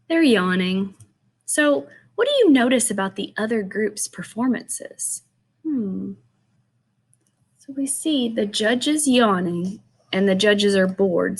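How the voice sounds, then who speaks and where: A woman teacher reads a picture book aloud to children, pausing to ask them gentle questions. She speaks slowly, in a slightly high voice with a gravelly edge. Her pitch rises and falls a lot.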